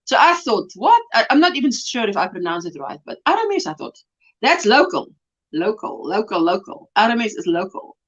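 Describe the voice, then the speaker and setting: Reading out comments on her casual livestream, this middle-aged South African host is chatty, full of greetings and filler words. She speaks at normal speed in a mid-range, fairly bright voice with big swings in pitch, over slightly dull lo-fi audio.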